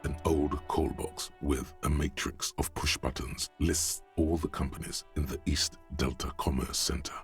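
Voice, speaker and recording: An actor voicing a brooding, ominous narrator in a video game, speaking in a slow, solemn, descriptive way with a deep, gravelly voice. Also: male voice, steady tone. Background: faint game music.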